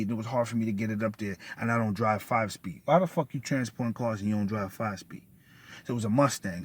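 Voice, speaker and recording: A man's voice: mid-range voice, no echo. A man telling a story in an agitated, profane rant, cursing and repeating himself. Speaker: vlogger.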